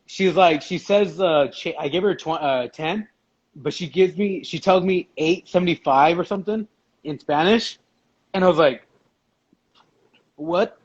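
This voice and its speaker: A man's voice: a little high, moderate pace, slightly rough. Male host, crude laughing storyteller, raised voice, muffled stream audio. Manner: storytelling, laughs often, profane. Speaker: podcast host. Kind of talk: casual chat.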